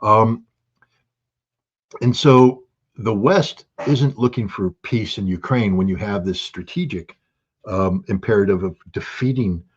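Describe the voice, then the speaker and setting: A husky, lowish male voice delivers impassioned political commentary, pressing his points with sarcasm. The audio is dull and lo-fi, like a remote video call. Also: measured pace. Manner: forceful, sarcastic, quotes leaders in mock voices. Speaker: guest analyst.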